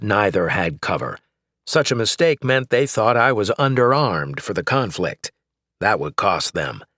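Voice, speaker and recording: A man narrating an action novel in first person, in a steady, measured way. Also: fairly low pitch, no echo, studio quality. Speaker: audiobook narrator.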